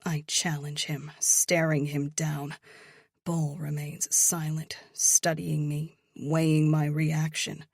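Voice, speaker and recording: Woman, audiobook narrator, low voice, slow, breathy half-whisper, dry close mic. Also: little pitch movement, a little mellow, dry recording. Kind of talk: first-person romance audiobook narration.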